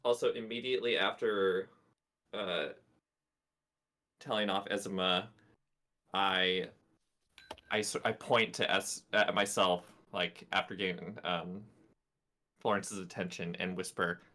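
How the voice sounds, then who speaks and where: A man's voice: low-pitched, fairly even intonation, a little slow, pauses often, sharp tone. A man playing in a tabletop role-play game, casual, playful and joking with the game master. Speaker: player.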